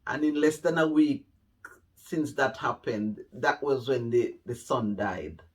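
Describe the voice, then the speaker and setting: Slow, heartfelt Jamaican man. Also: medium pitch. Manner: slow, heartfelt, repeats phrases for emphasis. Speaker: vlogger telling his life story. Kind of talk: personal storytelling to camera. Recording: voice a bit distant from the mic.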